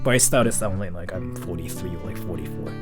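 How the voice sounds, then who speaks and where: A man's voice: low voice, brisk, music in the background. A man in his twenties talking casually to camera, rambling and mocking himself. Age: 20s. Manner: rambling, joking, self-mocking. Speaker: vlogger.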